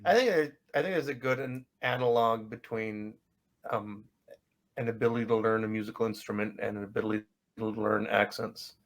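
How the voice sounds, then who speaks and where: A man's voice: on the low side, moderate pace. A man from the United States who grew up bilingual, chatting casually on a podcast panel and explaining with examples. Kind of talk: casual chat.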